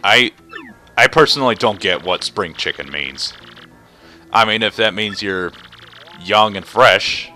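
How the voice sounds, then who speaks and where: A man's voice: fairly low pitch, unhurried, pauses often, pushed and bright, soft background music. A young man giving casual, rambling commentary over a video game, often cutting himself off and joking. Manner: rambling, self-interrupting, jokey. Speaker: let's play commentator.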